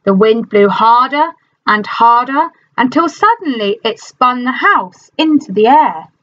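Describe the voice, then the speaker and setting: Lively woman teacher reading a story. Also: a little high, measured pace, dull audio. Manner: animated, expressive storyteller. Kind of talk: reading a storybook aloud to a class.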